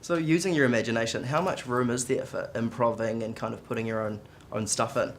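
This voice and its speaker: A woman interviewer asking short questions and moving briskly from one to the next. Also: a bass voice, fairly even intonation, a little hiss or hum. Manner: brief, short questions opening with "right, and".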